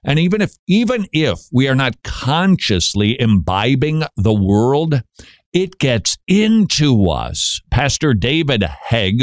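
A man's voice: mid-range voice, no echo, studio quality. A man hosting a talk radio show, delivering a monologue full of wry, joking asides.

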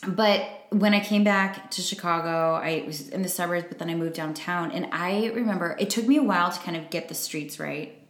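A woman's voice: fairly low pitch, moderate pace. Chatty woman in a roomy echo. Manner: chatty storyteller, many fillers. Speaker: podcast co-host. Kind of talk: casual chat.

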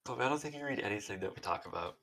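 Quick, bright-voiced teasing young man. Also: fairly low pitch, lively intonation, gravelly. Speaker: podcast co-host. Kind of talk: casual podcast banter.

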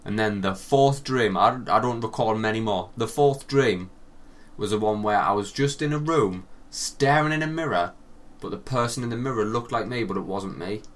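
A man's voice: fairly low pitch, normal speed. A young man with a Northern English accent, co-hosting a casual chat and animatedly acting out his stories with plenty of swearing. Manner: animated storytelling, acts out quotes, swears a lot. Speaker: podcast co-host.

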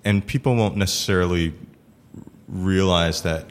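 Very deep-voiced man, halting chat. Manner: halting, many fillers and restarts. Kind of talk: casual chat.

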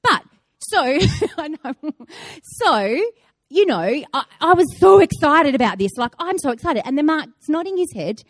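Lively woman preaching. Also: sits high, a little slow, no echo, clean studio sound. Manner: chatty, playful storytelling with acted-out asides. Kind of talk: conversational sermon.

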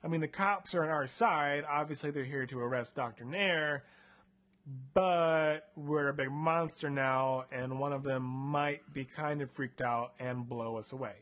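A man's voice: a little high, unhurried, fairly bright tone. A young man casually retelling a story on a comedy podcast, chatty and playful, with lots of filler words. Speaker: podcast host reading a choose-your-path book aloud.

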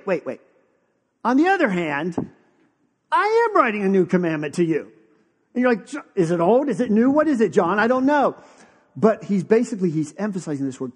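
A man preaching a sermon as pastor, conversational, dropping to a hushed, slow emphasis on key phrases. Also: high-pitched, in a large hall.

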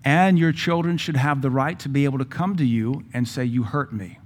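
A man's voice: mid-range voice, a little fast. Guy preaching a sermon, blunt and punchy, hits words hard, acts out the people he quotes. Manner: blunt and emphatic, with sudden loud stresses.

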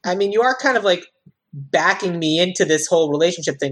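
Woman podcast cohost, kinda husky, lowish voice, rambly casual movie chat. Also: animated, fast talker. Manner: chatty, lots of "like" and restarts. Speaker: podcast co-host.

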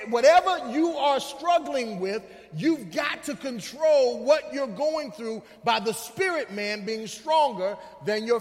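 High-voiced preacher in a reverberant hall. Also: male voice. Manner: emphatic preaching with repetition and call-outs to the congregation. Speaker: pastor. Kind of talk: sermon. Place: church sanctuary. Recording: long reverb of a large hall.

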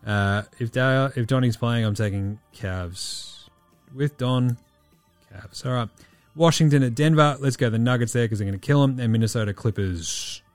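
A man in casual podcast chat, rattling off quick-fire picks in a breezy, swearing way. His voice sits at an everyday middle pitch. The sound is close and dry, with faint music underneath. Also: dry recording. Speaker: podcast host.

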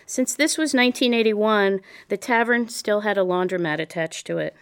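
A woman narrates a memoir in a measured, reflective storytelling manner. Her voice is smooth and resonant at a middle pitch. It sounds like a clean audiobook reading.

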